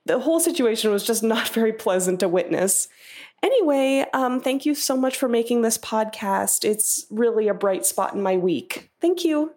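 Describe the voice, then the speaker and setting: A woman with a slightly high voice tells an anecdote in a voicemail for a podcast. She speaks earnestly and ends with thanks. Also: expressive, moderate pace, a little mellow. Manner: earnest storytelling, grateful. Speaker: listener leaving a voicemail.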